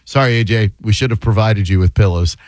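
A man hosting a call-in radio show, teasing callers with quick, wisecracking comebacks. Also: fairly low pitch, a little mellow, no room sound.

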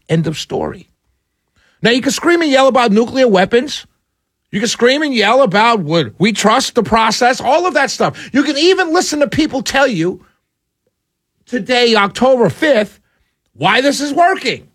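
This is a male radio host with a high-pitched voice, talking straight at his audience. He hammers his points with repetition and a lecturing tone. The sound is close and dry, with no room echo. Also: fairly bright tone. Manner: emphatic, repetitive, lecturing listeners. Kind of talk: political commentary monologue.

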